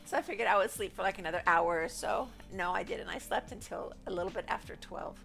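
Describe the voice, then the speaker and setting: A woman's voice: medium pitch, quick pace, gravelly, a bit bright, faint music behind. A woman game streamer chatting casually at home, rambling along with asides to her pet, her voice a little stuffed up from allergies. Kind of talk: casual chat while gaming.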